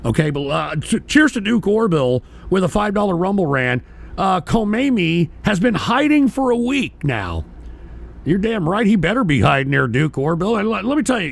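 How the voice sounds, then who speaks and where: A middle-aged man hosts a live political stream from a home studio mic, swearing freely and snapping back at his chat. His voice sits high and gravelly, and his pitch swings wildly from line to line. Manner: profane, combative, ranting at chat commenters. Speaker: talk show host.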